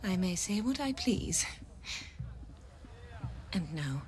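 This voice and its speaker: A woman's voice: fairly low pitch, very animated, slow pace, a little hiss or hum. An actress voicing an imperious, wealthy old noblewoman in a video game who dismisses others. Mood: dismissive. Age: older.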